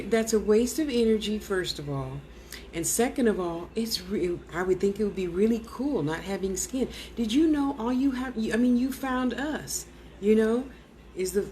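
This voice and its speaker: A woman's voice: medium pitch, warm tone, a little hiss or hum. A woman talking casually to an unseen spirit, coaxing and soothing it, with blunt, cursing asides. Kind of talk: casual one-sided spirit talk.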